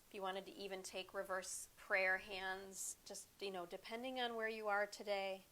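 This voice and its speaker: A woman teaching a yoga class, calmly cueing breaths and poses at an unhurried pace. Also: medium pitch. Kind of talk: guided yoga class instruction.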